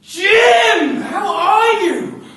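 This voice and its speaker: A storyteller voicing a man loudly greeting a long-lost friend, recorded in an echoey theatre from a distance. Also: extremely high pitch, moderate pace, voice pushed up. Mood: overjoyed. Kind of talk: live storytelling.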